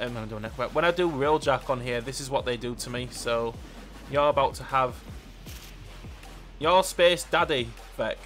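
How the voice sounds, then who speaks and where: A young British man with a mid-range voice streams a game live. He chats playfully with viewers, laughs often and pleads in loud bursts.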